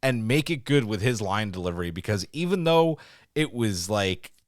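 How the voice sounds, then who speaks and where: A man co-hosting a review podcast, talking in a loose, heated way and swearing often. His pitch swings widely as he gets worked up. The sound is dry and close, with no room echo. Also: normal speed. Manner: animated, swears freely, ranting. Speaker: podcast co-host. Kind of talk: casual review chat.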